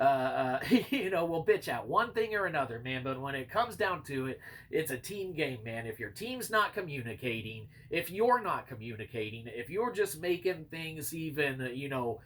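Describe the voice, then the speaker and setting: A man's voice: a little high, fairly bright tone. A man giving a casual, rambling game review, full of fillers like "you know" and "man", with some swearing and dry sarcasm.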